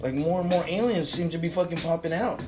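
A man's voice: on the high side, fast, over music, low-quality recording. A man chatting casually on a podcast, rambling and swearing constantly. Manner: profane, rambling, animated. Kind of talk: casual chat.

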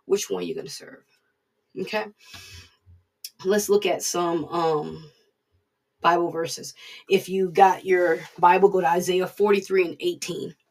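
Casual devotional preacher, raspy and a bit breathy, distant mic, repeats lines for emphasis. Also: medium pitch, fairly even intonation, a little slow, pauses often. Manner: conversational, repeats points for emphasis.

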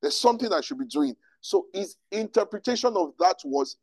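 A man, a pastor teaching to a live audience with animated rhetorical questions. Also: sits high, brisk, gravelly, hardly any pauses, no room sound, rough recording. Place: room with an audience.

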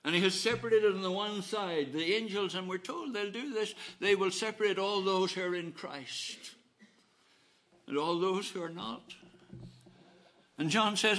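Guy preaching a sermon, earnest, repeats himself for punch, kinda high voice. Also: a little slow. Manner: earnest, repeats phrases for emphasis, rising and falling loudness.

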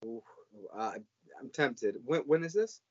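A man's voice: medium pitch, very animated, measured pace, darkish tone, no room sound. A man co-hosting a podcast in casual chat, rambling with many fillers and restarts. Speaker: podcast co-host. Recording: dull lo-fi audio.

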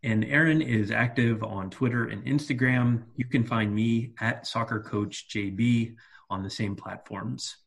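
A man's voice: mid-range voice, unhurried, creaky, husky. A man co-hosting a coaching podcast, talking in an earnest, reflective way with frequent fillers and restarts. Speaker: podcast co-host, soccer coach. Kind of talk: casual podcast chat.

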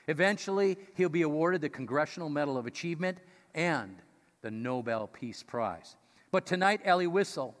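A man preaching a sermon, reading scripture and stressing key points with rising, animated emphasis. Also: on the high side. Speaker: pastor. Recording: long hall reverb.

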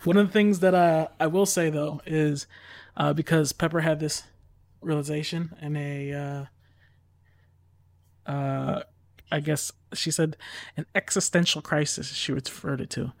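A man's voice: on the high side, steady tone, a little slow, creaky, no room sound. A man telling a casual story in a rambling, exasperated way, full of fillers and the odd swear word.

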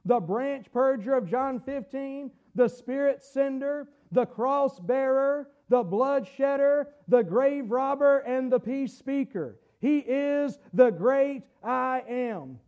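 A middle-aged male pastor with a strikingly high voice delivers an emphatic sermon. He repeats his phrases and at times climbs to a shout. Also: takes it slowly, few pauses, phone-quality sound.

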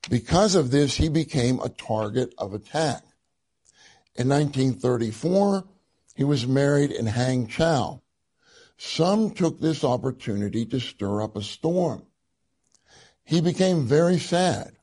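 Male preacher, earnest sermon, husky voice, unhurried delivery. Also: mid-range voice, expressive, warm tone. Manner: earnest, deliberate, slows to stress words. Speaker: church speaker. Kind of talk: sermon with read-aloud passages.

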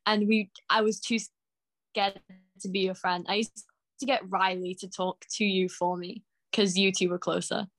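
A young woman co-hosting a podcast over a call, soft-spoken, agreeable and a little hesitant. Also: medium pitch, little pitch movement, moderate pace, no room sound. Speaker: podcast co-host. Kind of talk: casual chat.

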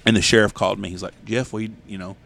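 Fast-talking gravelly man. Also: lowish voice. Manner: profane, animated storyteller. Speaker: podcast host. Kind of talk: casual storytelling.

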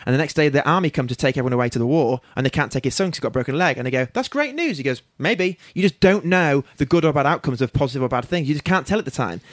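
A man, a guest in a studio, telling stories in a quick, animated way. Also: medium pitch, no echo. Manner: rapid, animated storytelling with laughs. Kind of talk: casual chat.

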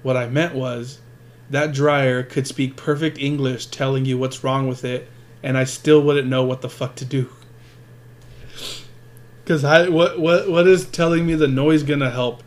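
A man in loose, crude conversation, spinning everyday stories with a steady mid-range voice. He swears nearly every sentence and trips over his own restarts as he goes. His tone stays plain and unpolished. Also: medium pitch, measured pace. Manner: profane, rambling, restarts a lot. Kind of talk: crude casual storytelling chat.

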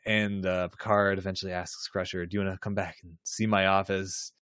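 A man's voice: sits low, little pitch movement, fairly quick, a bit bright, no room sound, studio quality. A man co-hosting a podcast, recapping an episode in a laid-back casual chat. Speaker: podcast co-host.

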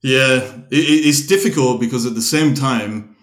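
A man hosting a podcast, with a voice pitched in the middle range. He talks things over bluntly and thoughtfully and throws in the odd swear word. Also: moderate pace, a bit bright. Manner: blunt, reflective, occasional swearing. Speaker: podcast host, coach. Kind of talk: casual podcast conversation.

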